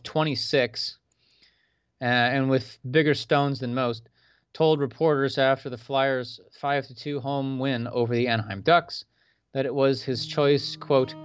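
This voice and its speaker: A man hosting a radio show, giving casual religious commentary in a preachy, conversational way with sarcastic asides. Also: mid-range voice. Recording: dull lo-fi sound.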